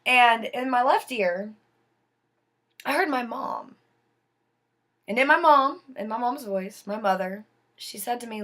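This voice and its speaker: A woman telling her own life story in a casual, dramatic way, slow and deliberate, dropping to a hush at tense moments. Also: fairly high pitch, animated.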